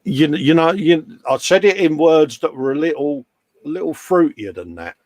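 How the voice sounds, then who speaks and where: Hombre inglés de voz rasposa y bromista. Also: male voice, fairly high pitch, animated, moderate pace, a little mellow. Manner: jokey, banter-filled, reads chat messages aloud. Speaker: co-host of a live model-building stream. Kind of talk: casual live-stream chat reading comments.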